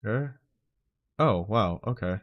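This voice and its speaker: A man chatting on a live stream who mutters and swears in exasperation as he fixes his setup. He talks slowly and unhurriedly, and his pitch swings widely. He keeps breaking off to apologize to his viewers. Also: animated, highs cut off.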